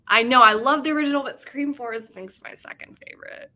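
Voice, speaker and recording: A woman's voice: sits high, fast, sharp tone. A young woman hosting a casual livestream, chatting in a rambling way, laughing often and reading out chat comments. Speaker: livestream host.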